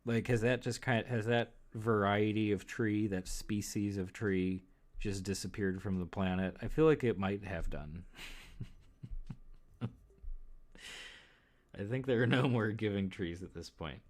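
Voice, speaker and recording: A man's voice: lowish voice, measured pace, long pauses, a little mellow. A man casually chatting on a livestream while he draws, reading out chat comments and rambling about movies. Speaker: streamer.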